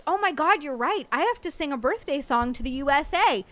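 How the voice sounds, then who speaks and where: A woman's voice: fairly high pitch, a little fast, fairly bright tone, no room sound. An American woman livestreaming, chatting casually and rambling, reading out viewer messages and swearing now and then. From United States. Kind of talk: casual live-stream chat.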